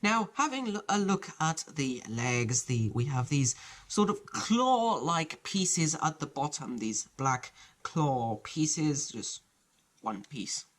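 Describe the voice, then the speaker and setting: A reviewer talks through a toy set from a small home studio, voice rising and falling in a lively, animated way. The delivery is chatty and hesitant, with phrases often broken off and started again. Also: medium pitch, slow. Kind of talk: casual show-and-tell review.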